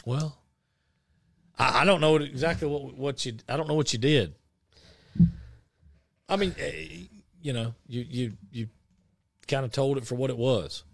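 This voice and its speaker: A man co-hosting a radio show, chatting casually about sports and rambling through many halting restarts. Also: mid-range voice, creaky, no echo, clean studio sound.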